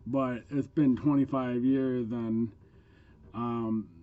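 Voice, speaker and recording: A man from Minnesota with the distinctive speech of a hard-of-hearing talker, chatting casually through a sales vlog, his voice rough from a cold and broken by ums. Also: mid-range voice, fairly even intonation, slow pace, phone-quality sound. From Minnesota, USA. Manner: chatty, with frequent ums and small laughs. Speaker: eBay reseller.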